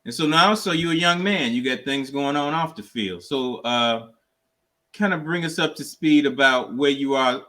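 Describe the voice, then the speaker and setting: A middle-aged man hosting a sports interview podcast, asking questions and giving steady supportive affirmations. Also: mid-range voice, moderate pace. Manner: supportive, many small affirmations. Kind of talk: conversational interviewing.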